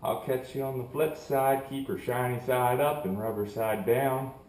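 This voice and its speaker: A man's voice: medium pitch, moderate pace, slight background noise. A young man vlogging, telling a rambling story in a casual way and acting out what his friends said. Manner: animated, rambling, acts out quoted friends. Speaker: vlogger starting a channel. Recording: echoey room.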